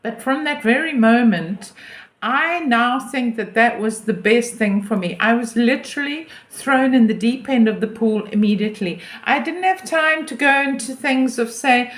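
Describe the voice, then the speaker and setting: A woman's voice: fairly high pitch, lively intonation, normal speed, fairly bright tone. Chatty woman in her fifties, echoey room. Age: 50s. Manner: chatty, emphatic, self-deprecating. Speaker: relocation consultant. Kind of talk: casual advice to camera.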